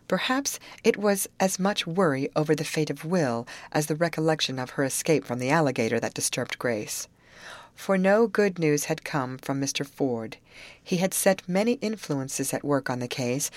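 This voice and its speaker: Brief: woman audiobook narrator, low and expressive, varied intonation. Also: dry recording. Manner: expressive, voices each character. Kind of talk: audiobook reading of a novel.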